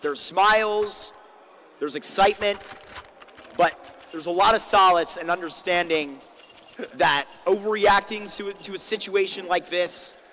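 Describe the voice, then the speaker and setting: A man's voice: high-pitched, noisy background. A man giving live color commentary on an esports match, reflective with playful banter. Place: live event venue.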